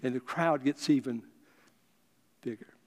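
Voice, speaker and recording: A man telling a story to an audience in a deliberate, unhurried speech. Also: mid-range voice. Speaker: speaker. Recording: long reverb of a large hall.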